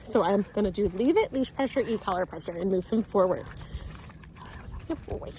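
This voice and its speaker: A woman dog trainer outdoors, explaining her method while walking a dog and calling out sharp commands. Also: medium pitch, expressive, moderate pace, a little hiss or hum. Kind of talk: instructional talk during dog training.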